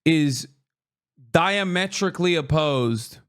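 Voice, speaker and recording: A man streaming political commentary, animated, sarcastic and full of profanity. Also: a little high, slow pace, clear, resonant tone. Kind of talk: livestream commentary.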